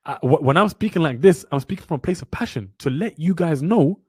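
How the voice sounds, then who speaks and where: A young man teaches a motivational trading webinar, blunt and preachy, speaking with passion and repeating lines for emphasis. His husky, expressive voice sits on the high side, moving briskly with few pauses, and there is no room sound.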